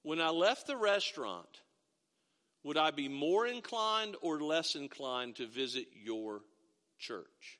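A middle-aged man preaching a sermon, his voice pitched high and ringing bright. He talks in a folksy, storytelling way, often stopping to restart a phrase. His words trail into a long reverberation around the church. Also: big pitch swings, slow pace. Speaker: pastor. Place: church sanctuary.

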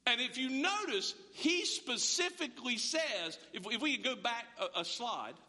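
A man's voice: very high voice, animated, moderate pace, sharp tone. A man preaching a sermon, chatty and quizzing the congregation with questions. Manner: conversational, rhetorical questions to the room. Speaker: pastor. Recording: long hall reverb.

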